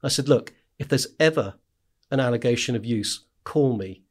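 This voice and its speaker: A man tells tales from the front line in an easy, chatty way. His voice sits at a middling pitch, and he keeps checking in with "right?" and laughs as he goes. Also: normal speed. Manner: animated storyteller, frequent "right?" asides, laughs while telling. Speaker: podcast guest, war correspondent. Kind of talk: casual storytelling chat.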